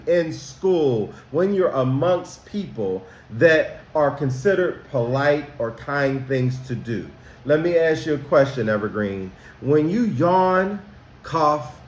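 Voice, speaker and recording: Slow, expressive man counselor, roomy echo. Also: high voice. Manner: slow, emphatic, asks questions. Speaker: school counselor. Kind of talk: talking to students.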